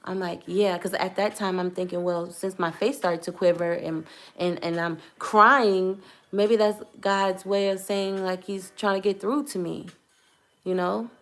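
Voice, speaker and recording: A woman's voice: mid-range voice, steady tone, unhurried. A young woman vlogger telling a personal testimony to camera in an earnest, hesitant way, choosing her words carefully.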